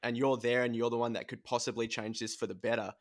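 An Australian man hosting a podcast, chatting casually and telling animated stories. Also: mid-range voice, fast. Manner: storytelling, animated. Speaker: podcast host. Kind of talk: casual chat.

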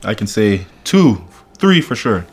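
Laid-back, low-voiced guy. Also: big pitch swings, unhurried, slight background noise. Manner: loose, profane, reads viewer comments aloud. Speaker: podcast co-host. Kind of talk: casual livestream chat.

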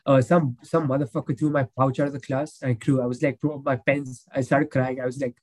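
A man's voice: mid-range voice, steady tone, fast talker, a little mellow, low-quality recording. A young man talking as a podcast guest in a casual, emotional chat. He rambles, with many fillers and restarts.

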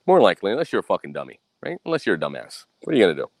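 A young American man tells a story in a casual monologue, blunt and full of swearing. His voice sits on the low side but jumps around a lot in pitch, and he keeps tossing in "right?" The recording is dry and close, with little room sound. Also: wildly swooping pitch, racing, creaky, dry recording. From United States. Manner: blunt, profane, ranting.

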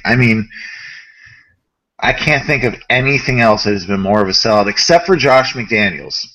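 A man co-hosting a casual gaming podcast, ranting in an animated, profane way. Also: on the low side, brisk, husky, lo-fi sound. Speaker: podcast co-host.

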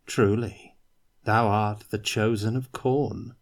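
A man's voice: on the low side, fairly even intonation, takes it slowly. A man doing a mocking, archaic chaos knight. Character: armored male chaos warrior, tall, mocking, weary.

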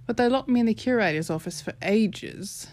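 A woman's voice: a little high, animated, moderate pace, a little mellow, lightly acted. A woman with a British accent voicing a brash, sarcastic teenage girl narrating her own story, chatty and sarcastic. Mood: cheeky.

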